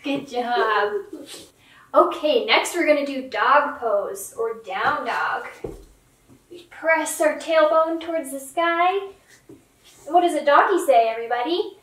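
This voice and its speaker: A young woman teaching a yoga class for children, giving gentle, encouraging cues and playful animal sounds. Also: high-pitched, lively intonation, slow pace. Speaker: yoga instructor. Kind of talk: kids yoga class instruction. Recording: echoey room, mic at a distance.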